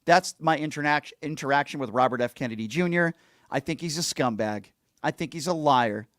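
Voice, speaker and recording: Middle-aged guy hosting, venting a story, blunt and ticked off, kinda high voice, dry close mic. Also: brisk, a bit bright, no room sound. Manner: indignant, blunt, acts out quoted lines. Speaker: host. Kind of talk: casual monologue recounting a story.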